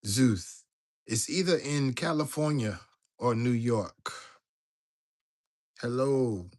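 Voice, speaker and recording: A man's voice: medium pitch, takes it slowly. A man hosting a casual livestream, talking loosely and greeting viewers from the chat. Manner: loose, chatty, talks to viewers directly, reads chat aloud. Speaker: livestream host.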